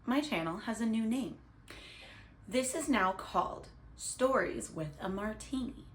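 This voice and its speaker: A woman hosting a children's read-aloud, talking warmly and directly to kids. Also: fairly high pitch, lively intonation, measured pace. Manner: friendly, addresses kids directly. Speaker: children's story reader.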